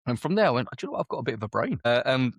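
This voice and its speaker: Racing through his words, a man in his forties from the UK uses a mid-range voice with big pitch swings and a breathy edge. He's an army veteran and business owner, chatting casually in an interview and quoting lots of dialogue. The studio-quality audio has no echo.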